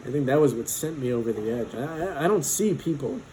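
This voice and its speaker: A man's voice: mid-range voice, animated, brisk, dark tone, slight background noise, poor audio. A man in his twenties telling a personal story casually, rambling with lots of fillers and swearing.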